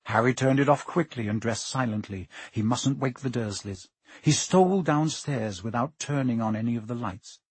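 Slightly husky man narrating a storybook. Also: medium pitch, no room sound. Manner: steady storytelling, voicing each character. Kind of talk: audiobook narration.

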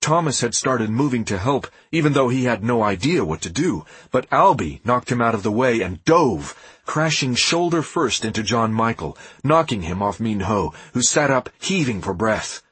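A man reading an audiobook in a dramatic, expressive scripted narration. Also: mid-range voice, moderate pace, hardly any pauses, breathy edge, no echo.

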